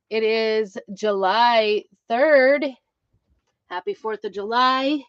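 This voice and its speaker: A woman's voice: fairly high pitch, animated, slow, no room sound. A middle-aged woman hosting a live crafting stream, chatting casually with viewers, greeting them by name, with lots of fillers and a slightly breathless delivery. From Idaho, USA. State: a bit out of breath. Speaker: crafting livestream host. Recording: dull, slightly lo-fi sound.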